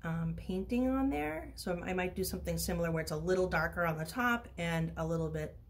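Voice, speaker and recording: A woman's voice: fairly low pitch, animated, a little fast, a little hiss or hum. A woman teaching a craft lesson, casually narrating each step as she works. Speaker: art teacher. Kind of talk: craft demonstration.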